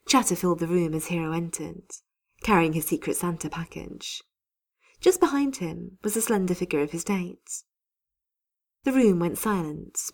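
A woman's voice: lowish voice, vocal fry, darkish tone. A woman reading a lighthearted office story aloud, voicing each character herself. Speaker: story reader. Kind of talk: reading fan fiction aloud.

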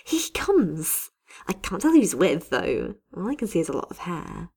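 A woman voicing an excitable young woman who gossips at the office, eager and teasing. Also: on the low side, a little fast, vocal fry, husky, heavily acted.

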